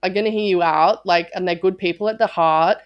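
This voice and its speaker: A woman's voice: on the low side, fairly quick, muffled recording. A woman talking casually as a sales coach, bubbly and chatty, with lots of "like" fillers. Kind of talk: casual motivational talk.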